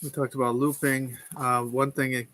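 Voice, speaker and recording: Casual male host, halting delivery with lots of ums. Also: medium pitch, little pitch movement, pushed and bright. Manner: hesitant, many fillers. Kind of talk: casual chat.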